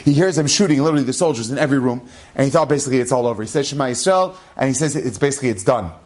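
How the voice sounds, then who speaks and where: A man, a rabbi, telling a dramatic story in an animated, expressive way. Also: medium pitch, very fast. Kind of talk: storytelling talk.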